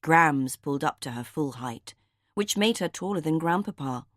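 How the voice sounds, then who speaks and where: Measured woman audiobook narrator. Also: deep voice, expressive, dry recording, clean studio sound.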